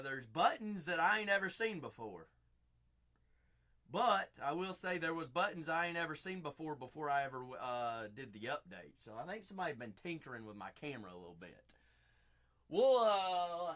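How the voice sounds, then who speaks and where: A man's voice: on the high side, fairly bright tone. A chatty man with a Southern accent hosting a live card-break stream, talking to viewers by name.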